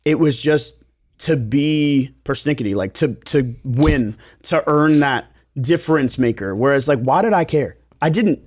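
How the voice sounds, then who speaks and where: A man chatting on a podcast about his work as a realtor. He talks in a loose, animated, jokey way, his pitch swinging up and down, in a plain studio sound. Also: measured pace. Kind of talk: casual podcast chat.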